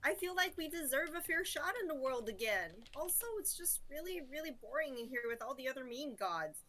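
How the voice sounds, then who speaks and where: Woman playing a pleading goddess aspect, voice pitched up high, bright and ringing tone. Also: lively intonation, a little fast, soft background music. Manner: earnest, coaxing pleas. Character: female god's aspect, pleading, eager.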